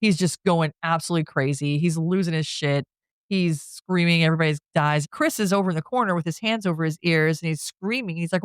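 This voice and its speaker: Woman podcast co-host, lowish voice, chatty and giggly, dry close mic. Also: a little fast, clean tone, no echo. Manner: laughs often while retelling a plot, animated. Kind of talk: casual movie recap chat.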